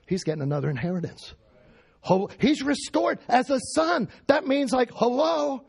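A man's voice: very high-pitched, expressive, normal speed, creaky, a little mellow, slightly rough. A man preaching a sermon in an emphatic way, firing questions at his congregation.

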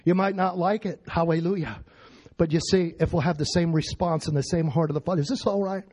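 A man's voice: a little high, steady tone, a little fast, a little mellow, husky. A man preaching a sermon in an emphatic way, firing questions at his congregation.

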